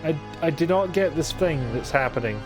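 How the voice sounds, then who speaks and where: A man's voice: on the high side, lively intonation, moderate pace, music in the background. A man streaming a video game live, commenting in a sweary, exasperated and sarcastic way.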